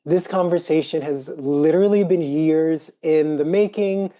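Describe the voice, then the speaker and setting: A woman co-hosting a podcast with an enthusiastic manner as she introduces a guest. Her voice is very low, mellow and unhurried. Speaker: podcast co-host. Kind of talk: casual chat, reading a guest bio.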